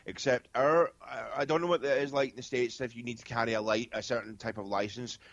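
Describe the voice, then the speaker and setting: A man's voice: mid-range voice, fairly even intonation, quick pace, a bit bright, no echo. Rambling Scottish man, dull lo-fi sound. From Scotland. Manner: rambling storyteller with many restarts and fillers. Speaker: guest medium. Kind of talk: casual podcast chat.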